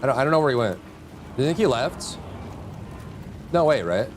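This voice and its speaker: A man's voice: brisk, long pauses, a little hiss or hum. A man streaming live, talking his chat through a game and yelping at enemies. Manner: excitable, jumps to high yelps and mock insults at enemies. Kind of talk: live gameplay commentary.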